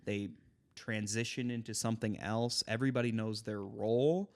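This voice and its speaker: A young man hosting a sports podcast, leading the segment in animated casual chat. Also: fairly low pitch, moderate pace. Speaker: podcast host.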